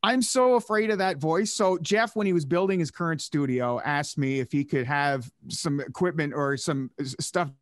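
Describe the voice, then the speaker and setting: Man, podcast guest, jokey, laughs a lot, fairly high voice. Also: moderate pace, hardly any pauses, no room sound. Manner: laughs often, jokey and animated. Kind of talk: casual podcast banter.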